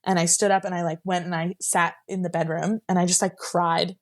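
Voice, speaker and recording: A woman's voice: lowish voice, little pitch movement, brisk. A young woman telling her own story in a casual, rambling way, leaning often on "like" and laughing as she talks. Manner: rambling, heavy use of "like", laughs while telling. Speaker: guest sharing her story.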